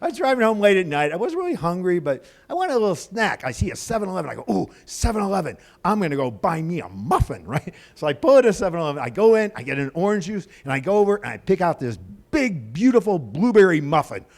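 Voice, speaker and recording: A man performing a stand-up comedy set on a club stage, ranting loudly and with exasperation, swearing freely, into a handheld mic. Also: high-pitched, sing-song, fast, few pauses. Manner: loud, exasperated ranting with profanity.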